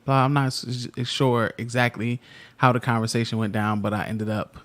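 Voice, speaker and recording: A man's voice: medium pitch, fairly even intonation, normal speed, fairly bright tone. A man in his thirties co-hosting a podcast with his wife, telling stories in a laid-back, slangy way. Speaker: podcast co-host. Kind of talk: casual couple chat.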